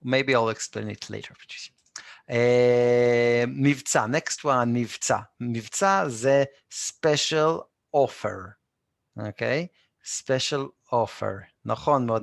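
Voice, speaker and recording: An Israeli man leads a live online language lesson, speaking slowly and repeating each word with patience. His voice has a gravelly edge at a middle pitch, and the sound is dry and close to the mic. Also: fairly bright tone, no room sound. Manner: patient, repeats words slowly, answers students by name. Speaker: Hebrew teacher.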